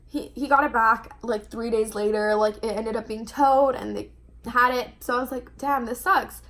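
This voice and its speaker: Young woman vlogger, high voice, chatty storytime delivery, heavy on "like". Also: steady tone, normal speed, a bit bright. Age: young adult. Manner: chatty, fills every phrase with "like". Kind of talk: casual storytime monologue.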